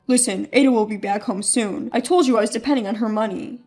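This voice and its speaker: A woman's voice: fairly high pitch, fast, a little mellow, soft background music, close to an everyday voice. A woman voicing an indignant, controlling middle-aged husband who blusters and gets defensive. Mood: scornful.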